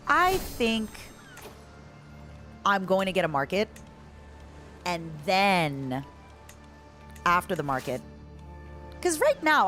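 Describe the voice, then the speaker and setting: Woman game streamer, playful and joking, very expressive pitch. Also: measured pace, long pauses, soft background music. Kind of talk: casual gameplay chat.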